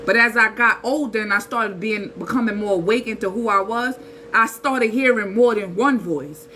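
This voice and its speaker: A woman, giving a casual spiritual talk in an animated, preachy way with slang and rhetorical asides. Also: on the high side, moderate pace, a little hiss or hum, low-quality recording. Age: 30s. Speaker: spiritual channel host.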